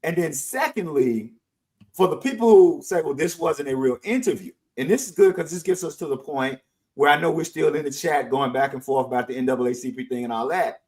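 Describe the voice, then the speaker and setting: Emphatic high-voiced middle-aged man. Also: a little fast, low-quality recording. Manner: emphatic, animated, repeats words while building a point. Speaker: podcast co-host. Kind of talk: casual discussion.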